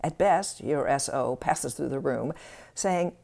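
Low, gravelly woman giving an expressive self-help talk. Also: takes it slowly. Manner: expressive storytelling, wry. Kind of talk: scripted inspirational talk.

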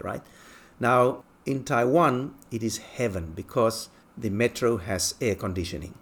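A man from England who lives abroad, telling relaxed, chuckling anecdotes in a casual monologue. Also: medium pitch, unhurried. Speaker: expat talking about life abroad.

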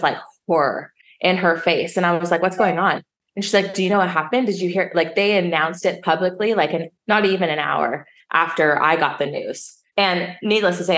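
A woman's voice: lowish voice, a bit bright. A woman sommelier in her thirties, frankly telling a personal story in an interview, swearing and acting out the voices of others. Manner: frank and emotional, swears, acts out quoted dialogue. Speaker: sommelier guest.

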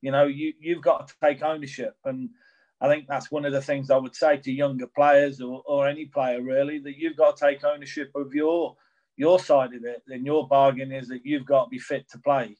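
A middle-aged former professional footballer, here as a guest, answers interview questions in a rambling way, often restarting his sentences. His voice is medium-pitched and darkish, delivered flatly at a normal speed. The highs are cut off in the recording.

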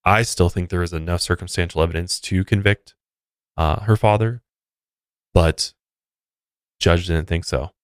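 Smooth deep-voiced man chatting. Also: fairly even intonation, measured pace, long pauses, no echo, clean studio sound. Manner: conversational, with frequent restarts and asides. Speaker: podcast co-host. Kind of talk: casual true crime chat.

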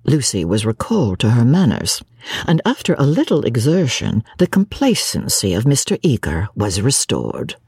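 Expressive husky woman reading a novel. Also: rumbling low, normal speed, no echo, clean studio sound. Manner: expressive, theatrical. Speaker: narrator. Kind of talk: dramatic reading of a classic novel.

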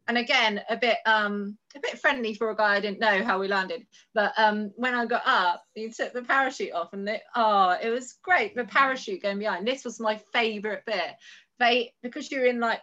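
A woman from the UK, a mother and podcast guest, telling a story in an animated, laughing way. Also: fairly high pitch, lo-fi sound. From United Kingdom. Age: adult with school-age children. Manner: animated, laughs often, breaks into squeals. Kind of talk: casual storytelling chat.

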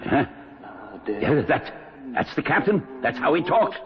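An actor playing a frightened, superstitious male servant who stammers and talks in rough, ungrammatical speech, in a radio play. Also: a little high, sing-song, unhurried, a crowd in the background. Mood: terrified. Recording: muffled 1970s radio drama, noisy.

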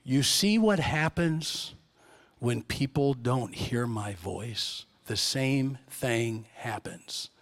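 A man voicing God in a hushed, slow, low tone inside a sermon. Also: expressive, full character voice. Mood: solemn. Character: God speaking softly, calm and grave.

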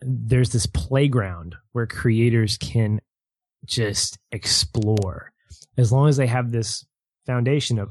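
A man's voice: medium pitch, takes it slowly, darkish tone, no echo. A man chatting as a guest on a film podcast, rambling with restarts and easy laughs. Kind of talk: casual film podcast chat.

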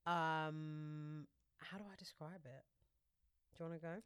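A lower-pitched woman chats about red-carpet looks, laughing often and filling gaps with "um" and "like." Her voice is close and dry, with no room sound around it. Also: steady tone, a little slow, clear, resonant tone, no echo. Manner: chatty, giggly, describes outfits with lots of fillers. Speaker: podcast co-host. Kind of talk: casual chat about red-carpet fashion.

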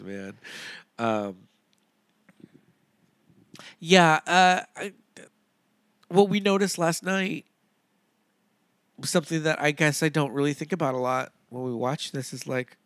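A man's voice: fairly high pitch, takes it slowly, long pauses, fairly bright tone, no echo. A man co-hosting a casual movie podcast, rambling with lots of fillers and frequent laughs. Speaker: podcast co-host.

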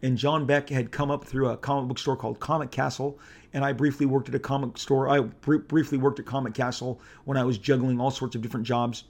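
A middle-aged man from Southern California, a comic book artist telling a casual anecdote, animated and rambling, with lots of fillers and restarts. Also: medium pitch, brisk.

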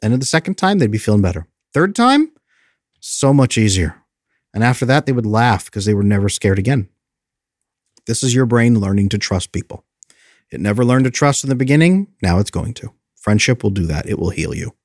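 A man's voice: on the low side, sing-song, fairly quick, a little mellow, no room sound. Earnest man coaching in a dry, close sound. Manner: coaching, earnest, brief exaggerated voices for quoted thoughts. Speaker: attachment specialist, guest. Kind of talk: earnest explanatory advice.

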